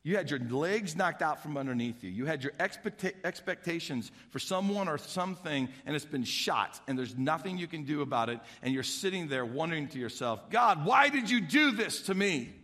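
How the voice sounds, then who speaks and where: A man preaching a sermon, telling a Bible story with acted-out voices, swinging between hushed and loud. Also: a little high, animated, fairly quick, hardly any pauses, long reverb tail. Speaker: pastor.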